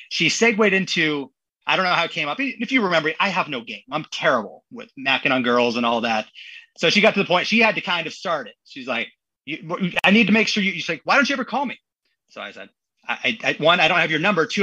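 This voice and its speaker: A man in his thirties, a podcast guest telling stories in a casual, animated way and acting out the people he quotes. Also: a little high, husky, no room sound, low-quality recording. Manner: animated, acts out quotes in voices. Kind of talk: casual storytelling.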